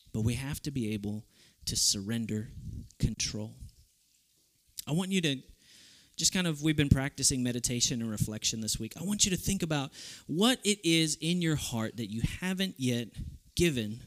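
A man from South Texas preaching to young people, animated and humorous, acting out voices in his stories. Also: mid-range voice. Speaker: youth camp speaker. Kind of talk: youth sermon with storytelling.

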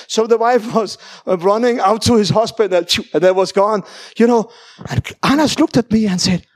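A man telling a faith testimony in halting, broken English, animated and full of restarts. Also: sits high, no echo. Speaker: guest sharing a testimony.

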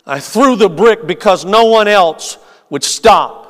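A man's voice: sits high, lively intonation, slow pace, voice pushed up. A man voicing a young boy who pleads and apologizes through tears. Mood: pleading. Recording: long hall reverb.

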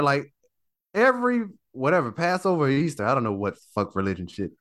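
Lively, swearing man chatting casually. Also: medium pitch, fairly quick. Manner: animated, swearing, stammering restarts. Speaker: podcast co-host. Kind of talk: casual chat.

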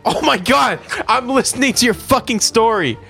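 A young man co-hosting a casual podcast chat, teasing his friend with profane, quick comebacks. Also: very high voice, lively intonation, vocal fry, sharp tone, faint music behind. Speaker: podcast co-host.

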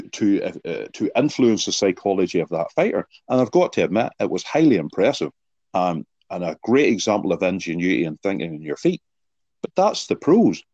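Male podcast guest, low and deep, earnest explainer, dry, muffled sound. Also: darkish tone, no room sound. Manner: earnest, explanatory, poses rhetorical questions. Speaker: guest, sports psychology author. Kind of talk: podcast interview answers with anecdotes. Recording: dull lo-fi sound.

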